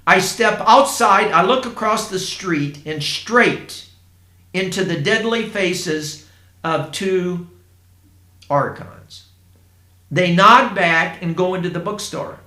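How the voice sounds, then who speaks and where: A man from Indiana telling a first-person story in a plain, unhurried way, with asides to his listeners. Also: high voice, bright, forceful tone. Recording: roomy echo.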